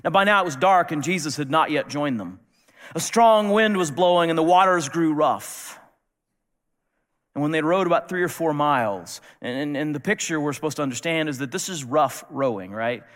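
A man's voice: a little high, lively intonation, normal speed, fairly bright tone. Male preacher, conversational and wry, longish reverb of a large room. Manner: casual, wry asides, repeats words when restarting. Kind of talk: conversational sermon. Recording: long reverb of a large hall.

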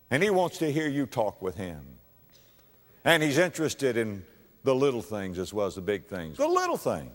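A man preaching a sermon, dramatic, swinging from hushed tones to loud exclamations in a church. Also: mid-range voice, wildly swooping pitch, normal speed. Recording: long reverb of a large hall.

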